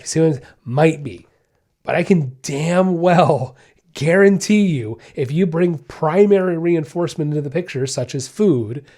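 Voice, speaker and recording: A man explains dog training to his listeners in a conversational, emphatic way. He drives points home by repeating them. His voice sits a little high for a man, but its tone is mellow and dark. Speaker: dog trainer and podcast host. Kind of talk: podcast advice answer.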